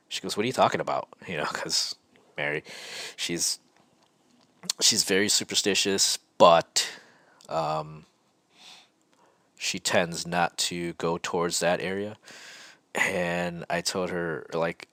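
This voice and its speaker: A man's voice: deep voice, unhurried, pauses often, sharp tone, dry recording. A middle-aged man hosting a podcast, telling a personal story in a reflective, hesitant way with many fillers and restarts. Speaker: podcast host. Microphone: podcast mic.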